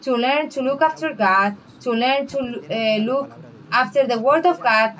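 A woman preaching a fervent sermon in halting English, raising her voice when she quotes Bible figures. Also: high-pitched, a bit bright, highs cut off. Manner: halting, non-native English with restarts.

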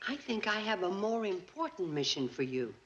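A woman's voice: medium pitch, sing-song, normal speed, natural voice. An actress playing a motherly hotel owner who coaxes quarreling men to make up, heard on a dull old TV soundtrack. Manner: coaxing, motherly.

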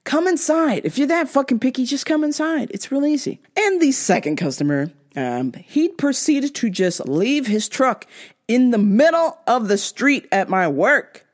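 A young woman rants through her customer stories with a lively voice that climbs and drops constantly. She swears freely and sounds fed up, and she switches into squeaky voices to imitate people. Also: a little slow. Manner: profane, exasperated storytelling; animated, mimics others in high-pitched voices. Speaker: podcast host. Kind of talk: ranting storytime.

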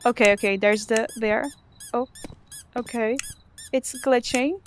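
A woman's voice: a little high, steady tone, measured pace. A woman chatting nervously to herself as she plays a spooky video game, commenting on each door and noise. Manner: chatty, jumpy, talks to herself. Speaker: gamer. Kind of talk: let's play commentary.

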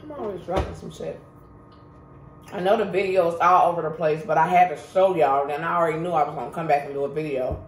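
A woman vlogger recounts a story in an emphatic, chatty way, talking directly to her viewers. Her voice sits a little low, and the recording carries a roomy echo. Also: fast talker, slight background noise. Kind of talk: casual storytime vlog.

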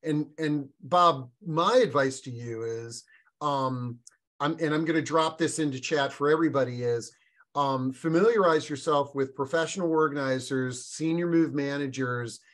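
Male webinar host, slightly raised pitch, relaxed and halting, full of ums. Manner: relaxed, halting, many fillers. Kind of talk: casual live discussion.

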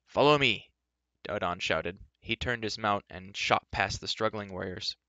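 A man reading a fantasy novel aloud, steady storytelling with the odd stumble over a word. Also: on the low side, normal speed, no room sound, highs cut off. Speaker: reader.

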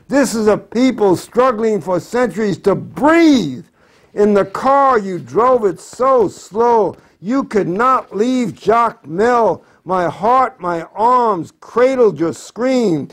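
Slow, high-voiced man reading poetry. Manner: slow, measured recitation with repeated phrases. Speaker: poet. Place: at home.

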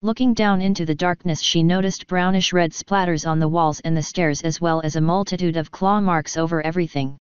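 A woman reading a fanfiction story aloud in a steady, even narration. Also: on the low side, brisk, hardly any pauses, smooth, dry recording. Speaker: fanfiction reader. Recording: dull lo-fi recording.

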